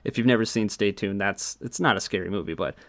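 A man appears as a guest on a casual podcast, talking horror movies. He is animated and laughs easily. He jumps into acting out scenes as he goes. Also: on the low side, fast, dry recording, clean studio sound. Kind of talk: casual chat about horror films.

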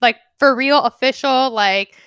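A young woman co-hosting a podcast in casual chat, playful and quick to laugh. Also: sits high, fairly bright tone, clean tone, dry recording, clean studio sound. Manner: chatty, laughs often, playful. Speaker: podcast co-host.

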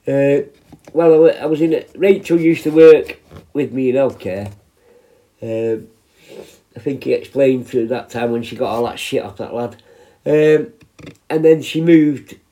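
A mellow, mid-range voice belongs to a man in his fifties who works in prison healthcare. He tells casual stories in a rambling, sweary way, restarting often.

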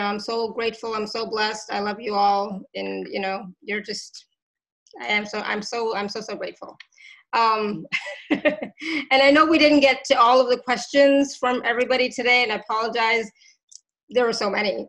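A woman's voice: mid-range voice, fairly bright tone, poor audio. A woman hosting a casual online show, effusive and grateful, laughing often as she talks. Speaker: host. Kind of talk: casual chat.

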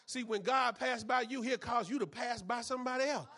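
High-voiced, husky male preacher. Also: brisk. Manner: repetitive preaching with frequent amens, swinging between hushed and loud. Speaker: pastor. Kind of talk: sermon.

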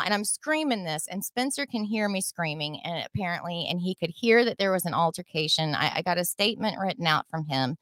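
A middle-aged woman telling a personal story as a podcast guest, in a heated, profane and animated way. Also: mid-range voice, brisk, few pauses, no room sound.

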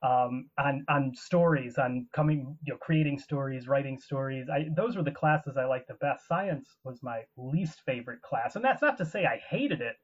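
A man's voice: mid-range voice, normal speed, few pauses. Chatty man on a dull call line. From Illinois, USA. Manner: chatty, enthusiastic storyteller. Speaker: guest paleontologist. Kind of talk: casual interview. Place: home in Edinburgh.

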